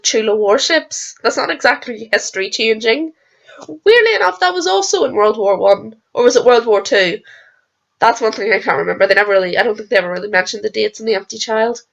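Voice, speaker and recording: A hoarse woman rambling excitedly in a casual reaction vlog, swearing freely and going off on tangents. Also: a little high. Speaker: video creator reacting to a TV episode.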